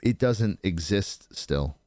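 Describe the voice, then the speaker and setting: A man's voice: sits low, expressive, takes it slowly, darkish tone, no echo, studio quality. A man co-hosting a podcast, rambling and joking with lots of swearing. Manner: rambling, profane, jokey, puts on silly voices. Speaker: podcast co-host. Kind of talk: casual podcast banter.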